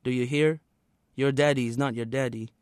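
A man reading the lines of a tearful anonymous woman caller, only slightly louder than his narration. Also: mid-range voice, steady tone, normal speed, clean tone, dry recording, studio quality, natural voice. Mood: menacing.

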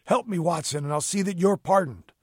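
A man voicing a panicked, blustering ship's mate in an audiobook, shouting in a raised, shrill voice. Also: very animated, measured pace, dry recording, studio quality, exaggerated voice. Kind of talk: audiobook character reading.

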